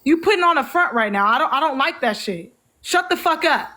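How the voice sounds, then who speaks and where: A woman's voice: sits high, animated, brisk, sharp tone. A woman hosting a live stream, angrily confronting someone with heavy swearing. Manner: angry, confrontational, heavy profanity. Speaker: livestream host. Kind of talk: heated live-stream argument.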